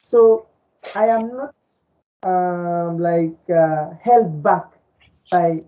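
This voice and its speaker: Woman co-host, Fulani native from French-speaking Africa, dark low voice, rambling casual chat, dull lo-fi sound. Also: extremely slow. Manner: rambling, repeats words, many "you know"s. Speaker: podcast co-host. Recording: dull lo-fi audio.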